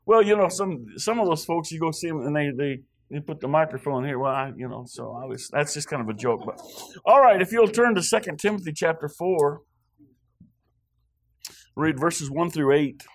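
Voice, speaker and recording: A man's voice: fairly high pitch, animated, normal speed. A guest preacher from Wyoming, a man rambling with joking asides in a church sermon before reading scripture.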